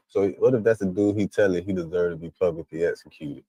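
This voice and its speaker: A man streaming casual reaction commentary, loud and animated, laughing and acting out lines in high mocking voices. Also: fast, hardly any pauses, husky, no room sound, muffled recording.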